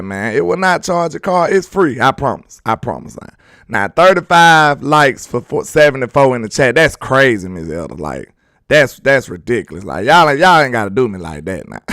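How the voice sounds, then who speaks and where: A man's voice: mid-range voice, sing-song, moderate pace, fairly bright tone, no room sound. A man hosting a sports live stream, chatting casually and reading viewer comments aloud in a laid-back, slangy, joking way.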